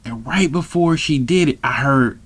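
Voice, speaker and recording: A man's voice: medium pitch, moderate pace, husky. Guy rambling thru a funny story, lots of slang, keeps checking in with the listeners. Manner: rambling, loose slang-heavy delivery; addresses listeners directly. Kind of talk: comedic storytelling.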